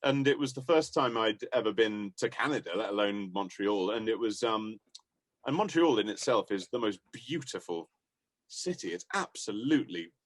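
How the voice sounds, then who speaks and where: A man's voice: lowish voice, expressive, moderate pace, no echo. A man telling enthusiastic, rambling anecdotes about his music career in a casual interview, laughing often. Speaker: musician guest.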